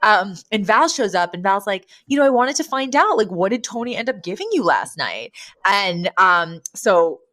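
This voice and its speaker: A woman's voice: mid-range voice, sing-song, moderate pace, fairly bright tone. A young woman co-hosting a podcast, recapping a sitcom in casual chat, laughing often and acting out the characters' lines. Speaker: podcast co-host.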